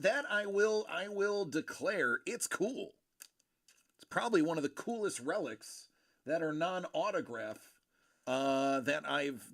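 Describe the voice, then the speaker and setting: A man doing casual live-stream commentary while opening collectible cards, joking and reacting loudly. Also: fairly high pitch, dry recording, clean studio sound.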